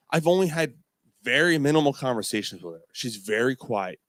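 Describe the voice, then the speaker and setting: A middle-aged man telling a story over a dry, close mic, with a mid-range voice. He is animated and swears freely, in the loose rhythm of casual chat between friends. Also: medium pitch, a little fast, no room sound. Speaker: podcast co-host.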